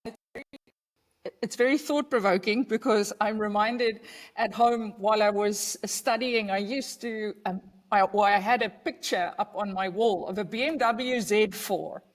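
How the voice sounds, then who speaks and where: A woman co-hosting a podcast, chatty and warm in casual conversation. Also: mid-range voice, moderate pace.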